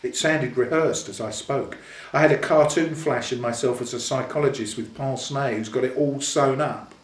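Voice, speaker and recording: A man's voice: medium pitch, moderate pace. A man in his sixties from London reading from his own memoir in a dry, understated way. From London, England. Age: 60s. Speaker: author. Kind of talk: book reading. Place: reading event, indoors. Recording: echoey room.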